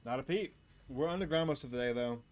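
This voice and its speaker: A man's voice: medium pitch, quick pace, close to an everyday voice. A man voicing a small-town miner in a visual novel, talking in a folksy, offhand way. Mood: dismissive. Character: gruff small-town male miner, dismissive.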